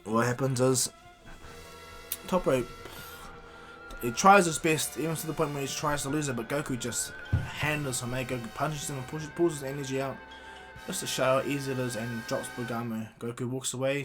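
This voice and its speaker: A man's voice: medium pitch, steady tone, normal speed. Man rambling through a fan retelling, um-filled; faint music. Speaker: storyteller. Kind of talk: casual fan retelling of a cartoon story.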